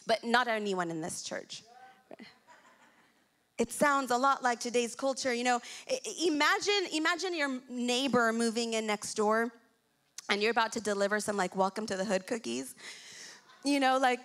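Woman pastor, high voice, lively conversational preaching, stumbling restarts. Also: normal speed. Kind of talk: sermon. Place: church.

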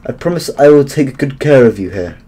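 A man doing a gentle motherly goat queen. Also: medium pitch, expressive, a little fast, a little hiss or hum, natural voice, low-quality recording. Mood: tender pleading. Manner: soft, sorrowful, pleading.

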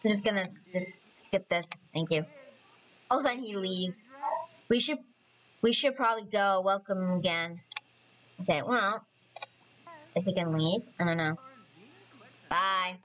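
A woman hosting a casual let's-play commentary, chatty and excitable, often apologizing and thinking aloud as she plays. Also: mid-range voice, unhurried, pauses often, low-quality recording. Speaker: gaming channel host.

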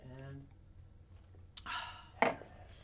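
Brief: frazzled, cajoling director, heard from afar in an echoey, noisy room. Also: male voice, very slow, far from the mic. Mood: coaxing. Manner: cajoling, flustered, calls action and cut. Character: harried, coaxing film director. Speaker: film director.

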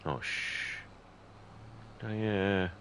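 A man's voice: low voice, drawn-out words, fairly bright tone, slight background noise. A man with an Irish accent, a gaming streamer chatting casually with another player, joking boisterously and swearing freely. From Ireland. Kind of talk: casual voice chat while gaming.

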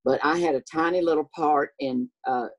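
Husky Southern man with a high voice. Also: normal speed, muffled recording. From American South. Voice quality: high voice often taken for a woman's. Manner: animated, acts out voices in his stories. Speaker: guest. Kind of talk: casual anecdotal storytelling.

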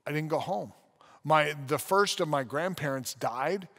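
A man's voice: a little high, a little slow, sharp tone. A man in his forties, a pastor, telling a personal story in a casual podcast conversation, acting out the scenes as he goes. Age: 40s.

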